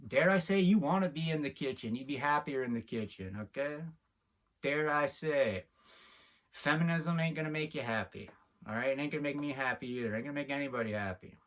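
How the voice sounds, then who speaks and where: A man's voice: medium pitch, fast talker, a bit bright. A man hosting a video, giving a heated, preachy commentary straight to camera and getting worked up as he talks. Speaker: video host.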